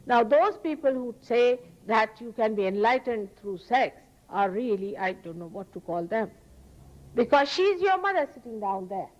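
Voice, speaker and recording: A woman giving a public spiritual talk, earnest and emphatic, often rising sharply in pitch. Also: lively intonation, normal speed, highs cut off. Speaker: spiritual teacher. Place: public hall.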